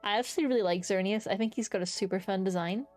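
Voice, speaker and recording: A woman's voice: mid-range voice, quick pace, a little mellow. A young woman talks into a desk mic at home, chatty and bubbly, her voice sitting in an ordinary middle register. Faint music plays behind her as she gushes and swears offhandedly. Her delivery is loose, unscripted stream chatter. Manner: chatty, enthusiastic, swears casually. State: hiccups. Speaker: streamer ranking creatures. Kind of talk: casual live-stream commentary.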